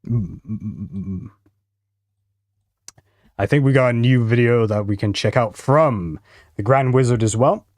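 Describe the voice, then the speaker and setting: A man's voice: medium pitch, normal speed, a little mellow, dry recording. A man, rambling and swearing freely in casual reaction-stream commentary. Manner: rambling, swearing a lot, frequent laughter.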